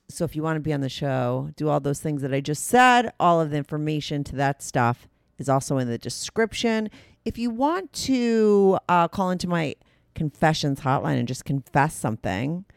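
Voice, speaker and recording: Woman host, chatty and loose, low-pitched, dry booth sound. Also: creaky, no room sound. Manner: chatty, loose, with fillers and repeats. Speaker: podcast host. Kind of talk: casual chat.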